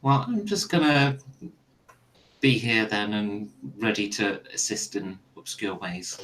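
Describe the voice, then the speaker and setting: A man's voice: fairly low pitch, animated, slow, fairly bright tone, slight background noise, rough recording. A man playing a tabletop game, asking the game master careful questions about the scene. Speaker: player. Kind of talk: casual tabletop game chat.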